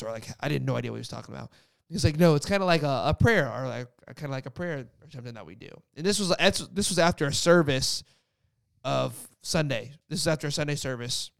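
A man's voice: medium pitch, fast talker, creaky, clear, resonant tone, no echo, studio quality. A young man casually telling a personal faith story, rambling with lots of "like" fillers. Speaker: guest sharing a faith story. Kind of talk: casual testimony chat.

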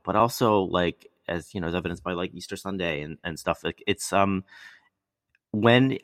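A middle-aged American man talks in a very low, deep voice, the sound dry and close. He tells stories animatedly and acts out the people he quotes. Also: animated, a little fast, a bit bright, no echo. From United States. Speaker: actor. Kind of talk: casual storytelling conversation.

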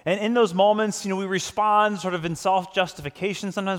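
A man in his thirties, a pastor giving a sermon in a conversational, self-deprecating storytelling way, his delivery swinging between hushed prayer and animated anecdote. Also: high voice, brisk, few pauses, clear, resonant tone. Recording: long reverb of a large hall.

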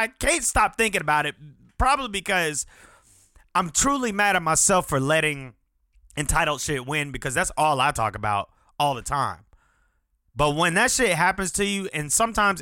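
Man, 30s, solo podcast host, casual rant, swears a lot, higher voice, dry close sound. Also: no room sound. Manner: profane, animated storytelling that flares into irritation. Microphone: podcast mic without headphones.

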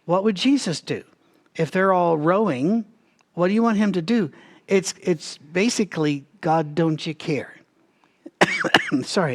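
A man leading a Bible study, talking straight to his listeners in a conversational, animated way with frequent restarts. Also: fairly high pitch.

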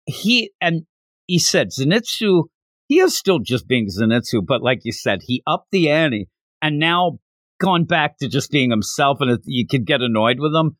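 A man's voice: medium pitch, moderate pace, no echo. A man hosting a casual chat who talks animatedly and acts out characters as he goes. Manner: animated, acting out characters, laughing. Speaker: podcast host.

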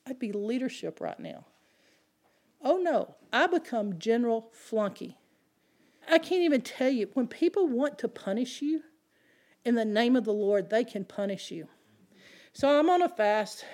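A middle-aged woman preaching a sermon, telling a personal story in an animated way. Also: medium pitch.

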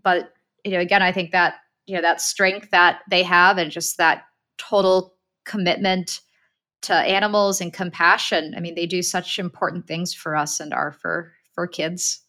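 A woman's voice: lowish voice, little pitch movement, normal speed, sharp tone. A woman co-hosting a podcast, telling a story earnestly with many casual fillers.

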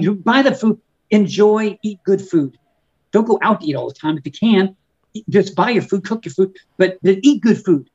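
A man, an author and guest on a podcast, talking in a fervent preaching style, often repeating words and slowing down on key words. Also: sits high, darkish tone, slightly rough, dull audio. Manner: fervent and emphatic, stretching key words slowly; frequent stumbles and repeated words. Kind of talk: preaching-style conversational talk.

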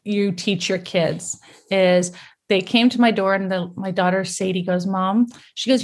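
Animated middle-aged woman telling stories. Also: medium pitch, moderate pace. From United States. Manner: animated storyteller, laughs often. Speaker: guest. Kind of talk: casual interview chat.

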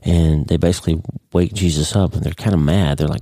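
Deep-voiced earnest male podcast host. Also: fairly even intonation, brisk, mellow, no echo. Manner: earnest, off-the-cuff with frequent restarts. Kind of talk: casual unscripted podcast monologue.

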